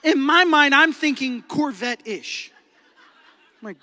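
A man in his thirties with an Oklahoman accent, preaching a sermon as a lively storyteller who acts out quotes and laughs often. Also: extremely high pitch, normal speed. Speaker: pastor. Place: large church hall. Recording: long hall reverb.

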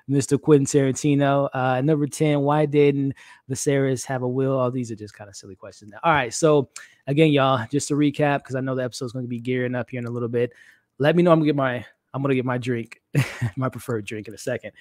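Male streamer host, mid-pitched, loose chatty delivery aimed at the chat, dry room. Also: darkish tone, no room sound. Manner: chatty, addresses chat directly, frequent fillers. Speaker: YouTube show host. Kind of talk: casual live-stream chat.

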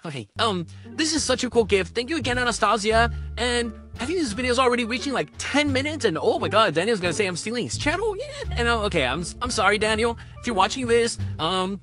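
A woman's voice: on the high side, fast, hardly any pauses, soft background music. Rambling giggly young woman vlogger. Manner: rambling, giggly, breathless excitement. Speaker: channel co-host. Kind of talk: solo vlog unboxing chat.

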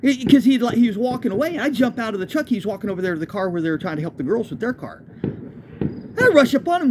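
Man telling a rambling, lively road story. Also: very high voice, fast, a little hiss or hum. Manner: loose, profane, self-correcting storyteller. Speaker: homeless traveler telling his own story.

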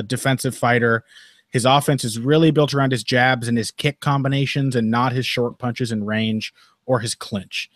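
A man's voice: mid-range voice, no echo, clean studio sound. Man giving casual fight analysis. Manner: loose, profane, jokey. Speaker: podcast co-host, fight analyst.

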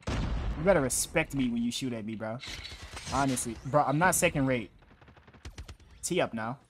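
A young man livestreaming a shooter game, talking to his chat in loose slangy banter that swings from mumbles to yells. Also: medium pitch, normal speed, a little hiss or hum. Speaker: streamer. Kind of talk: casual gaming livestream chat.

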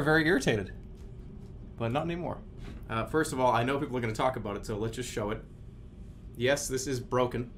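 A man's voice: mid-range voice, a bit bright, slight background noise. A man hosting a live stream, rambling in a flustered, agitated way with frequent cursing.

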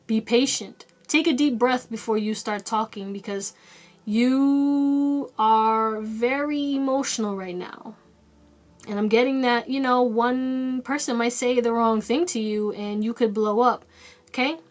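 A woman's voice: a little high, steady tone, unhurried. A woman giving a casual pick-a-card tarot reading to her viewers. She talks directly and encouragingly, repeats short commands, swears casually and laughs at herself. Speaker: tarot reader.

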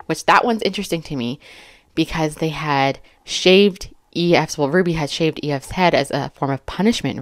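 A deep-voiced woman in her thirties, a commentary YouTuber, reads a list out loud and reacts casually to each point, a bit out of breath. She's chatty and filler-heavy with laughs between remarks, and the recording is dry and clean, studio-style.

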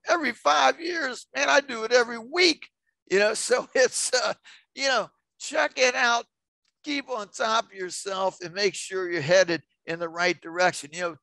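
An older man giving an informal, enthusiastic webinar presentation on self-care, filling pauses with "uh" and "you know" and getting louder when excited. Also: fairly high pitch, no room sound. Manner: enthusiastic, gets loud when excited, many fillers.

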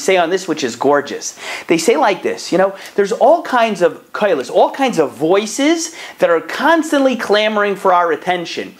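A young male rabbi giving a short video Torah talk. His pitch swings widely as he explains, and he keeps asking rhetorical questions. The tone is chatty and animated throughout. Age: young adult.

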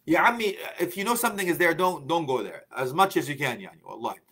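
Middle-aged man, preacher, high voice, informal religious talk, joking, laughs a lot, Arabic phrases mixed in. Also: lively intonation, fast talker, pushed and bright, slightly rough. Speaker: Islamic preacher.

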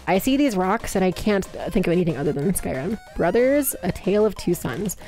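A woman streamer chatting live while guessing games, excitable and swearing a lot, bursting into high yells. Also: fairly quick, soft background music.

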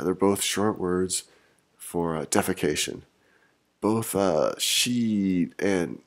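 A middle-aged man and channel host talking in a casual, wry monologue with frequent restarts. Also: sits low.

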